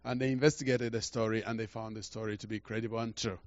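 An older man preaching a sermon through a story, halting and repeating words, swinging from quiet to loud. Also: fairly low pitch, steady tone, lo-fi sound. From Uganda.

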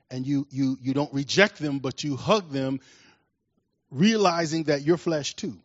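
A man from Washington, D.C. preaching a sermon, telling personal stories with lively acted-out scenes and dropping to a soft, quiet tone when he reflects. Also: mid-range voice, measured pace, husky, no room sound, highs cut off. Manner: animated storytelling, acts out scenes loudly.

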